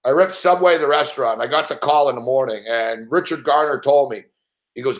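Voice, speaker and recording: A man's voice: mid-range voice, a little fast. A man hosting a sports betting show, telling rambling, profanity-laced anecdotes with frequent laughs. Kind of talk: casual storytelling on a live stream.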